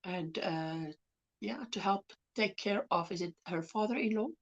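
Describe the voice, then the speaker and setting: Soft-spoken South African woman, lo-fi. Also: mid-range voice, measured pace. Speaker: crochet livestream host. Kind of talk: casual livestream chat, reading viewer comments. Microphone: phone.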